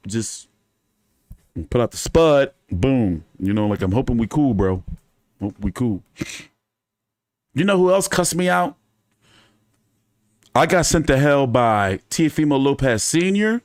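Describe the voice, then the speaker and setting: On his boxing channel, a medium-pitched man casually spins animated, profane tales for viewers, laughing as he goes. The sound is clean studio audio with no echo.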